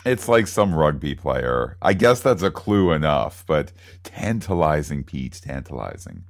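A man's voice: very deep voice, animated, unhurried, few pauses. A man co-hosting a podcast, recapping a TV episode in a wry, wordy, playful way. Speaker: podcast co-host.

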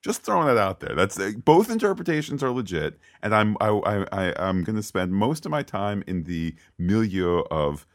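A man's voice: lowish voice, very animated, moderate pace, few pauses. A man co-hosting a podcast, chatting casually and ranting playfully about a TV episode. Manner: opinionated, ranting with playful asides. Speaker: podcast co-host.

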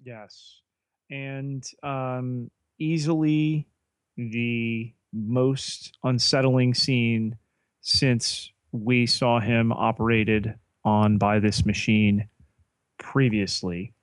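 A man's voice: medium pitch, level tone, smooth, dry recording. A man co-hosting a podcast, casually walking through a TV episode's plot with frequent ums and uhs. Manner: unhurried plot summarizing with fillers. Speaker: podcast co-host.

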